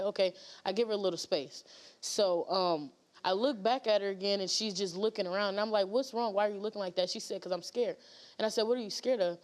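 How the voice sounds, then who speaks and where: A woman recounts a painful event as a talk-show guest, her voice sitting at an ordinary middle pitch. She rambles, doubling back and filling pauses with "um" and "you know.". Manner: rambling, many fillers and restarts. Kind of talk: emotional storytelling on a talk show.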